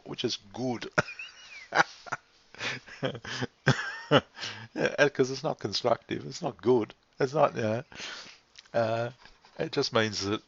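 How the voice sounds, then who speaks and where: Gravelly Australian man, rambling. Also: fairly low pitch, a little slow, long pauses, a bit bright. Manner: laughs often, swears, meandering with restarts. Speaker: vlog host. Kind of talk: rambling casual chat. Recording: dull lo-fi recording.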